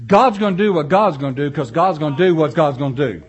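A man preaches a sermon in a folksy, animated way. His voice sits a little high for a man, and he slips easily into stories and side remarks. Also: quick pace, slightly rough. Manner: folksy, animated storytelling with asides. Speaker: pastor.

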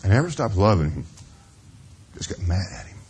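Very animated and fairly quick, a middle-aged pastor delivers an earnest, confessional sermon in a low voice, checking in with "Amen?" and sinking to a near-whisper in tender moments. A little hiss or hum is audible.

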